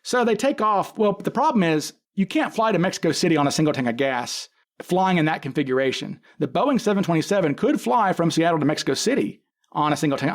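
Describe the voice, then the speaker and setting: A man, a podcast guest, casually retelling events in detail, acting out quoted dialogue and often restarting his sentences. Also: on the high side. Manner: frequent restarts and self-corrections. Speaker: podcast guest, case expert. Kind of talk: casual storytelling.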